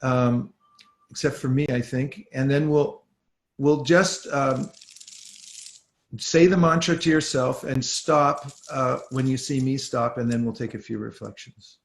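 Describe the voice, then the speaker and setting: Slow, gravelly-voiced man teaching meditation. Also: mid-range voice, reverberant. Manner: slow, hesitant, many pauses and fillers. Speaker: spiritual teacher. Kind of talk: guided mantra meditation class.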